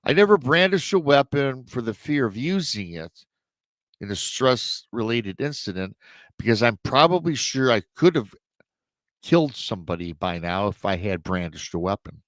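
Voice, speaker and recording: Male host retelling a listener story; chatty, rambling, mid-pitched, dry recording. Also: lively intonation, normal speed, fairly bright tone, no room sound. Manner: rambling, conversational asides to the audience.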